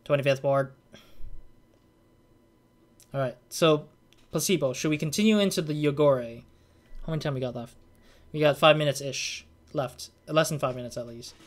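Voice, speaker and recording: Rambling young man with a higher voice. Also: brisk. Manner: rambling, thinking aloud with many "like" and "kind of". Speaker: let's play gamer. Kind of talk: casual game commentary.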